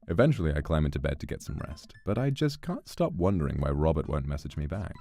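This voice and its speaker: Deep-voiced animated male streamer. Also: fast, hardly any pauses, no echo, soft background music. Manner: animated, laughing, swearing. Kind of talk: casual gameplay commentary.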